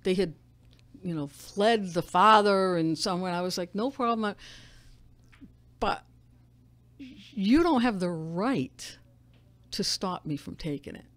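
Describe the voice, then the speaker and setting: A woman, a newspaper editor telling stories as a guest in a casual radio interview, animated and full of restarts. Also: lowish voice, slow pace, long pauses, dry recording. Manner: animated storyteller, frequent restarts and laughs.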